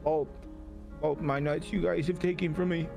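A man's voice: on the high side, fairly even intonation, normal speed, creaky, over music. A man roleplaying in a game, complaining in a whiny drawl. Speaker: roleplay player.

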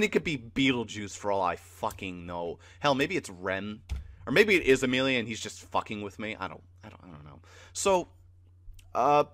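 A man recapping an anime episode in an exasperated, profane rant. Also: mid-range voice. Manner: profane, exasperated, animated ranting. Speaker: anime reviewer.

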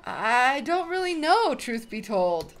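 A woman's voice: sits high, sing-song, slow pace, slight background noise, heavily acted. A woman voicing a brave, polite young girl in a video game, speaking earnestly and pleading at times.

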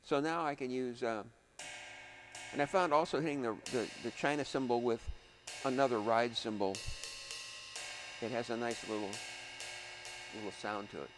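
A man's voice: medium pitch, normal speed, pauses often, low-quality recording. A man teaching music production in a casual, thinking-aloud way, humming out drum rhythms as he goes. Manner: thinks aloud, chatty, vocalizes drum patterns.

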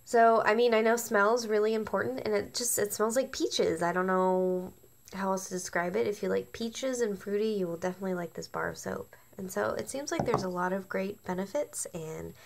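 A woman's voice: mid-range voice, brisk, gravelly. Bubbly woman reviewing a product. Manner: bubbly and chatty, with playful asides. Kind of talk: casual product review vlog.

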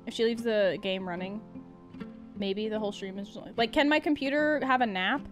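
A young woman streaming a game, chatting casually, laughing often and yelling at the game. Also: fairly high pitch, fairly quick, over music. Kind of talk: casual gameplay commentary.

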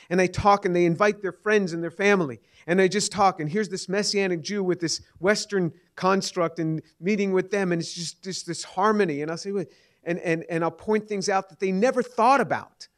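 A man in his fifties giving earnest answers to audience questions at a lecture, often restarting words. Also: a little high. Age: 50s.

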